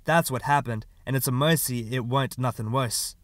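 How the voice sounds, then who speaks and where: A man's voice: medium pitch, moderate pace, no echo, close to an everyday voice. A man voicing a stubborn, defensive mother, answering firmly and defiantly. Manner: firm, defiant replies.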